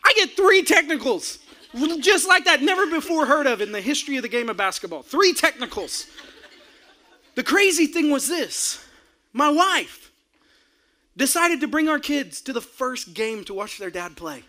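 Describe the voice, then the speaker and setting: A middle-aged male pastor preaching with an animated storytelling sermon, acting out his own outbursts with shouts and laughter. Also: extremely high pitch, normal speed.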